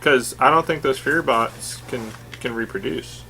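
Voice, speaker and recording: Blunt, sarcastic man with a bright voice. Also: mid-range voice, normal speed, gravelly, a little hiss or hum, rough recording. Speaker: comic book reviewer. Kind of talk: casual podcast chat.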